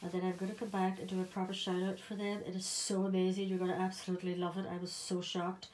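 A middle-aged woman from Northern Ireland with a Northern Irish accent, out of breath, chatting casually to camera and drifting into soft half-whispered asides. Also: fairly low pitch, monotone, quick pace, a little hiss or hum. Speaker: vlogger.

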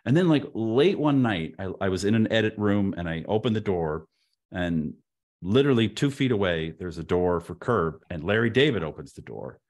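Animated storytelling man with a low voice. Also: normal speed. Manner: stammering restarts, lively and expressive. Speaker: podcast guest.

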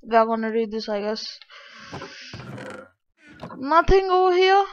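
A woman's voice: a little high, lively intonation, unhurried, clear, resonant tone. A woman giving casual game commentary, complaining aloud to her viewers in an exasperated way. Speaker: gaming channel host. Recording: dull lo-fi.

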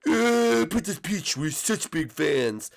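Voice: mid-range voice, very animated, slow pace, creaky, exaggerated voice. A performer voicing a clingy, eager young male fan who gushes and pleads in a game role-play video. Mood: fawning. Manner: pleading, gushing.

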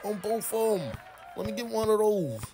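A man's voice: high-pitched, expressive, normal speed, over music, crowd noise. A young man commenting on his basketball video game, trash-talking teammates, swearing and repeating himself. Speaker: gaming streamer. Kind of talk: casual gameplay commentary.

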